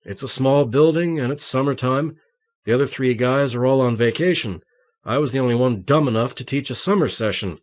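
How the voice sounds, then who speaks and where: A man's voice: mid-range voice, fairly quick, voice pushed up, natural voice. A male audiobook reader voicing a young male teacher just recovered from torture, ragged and agitated. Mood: bewildered.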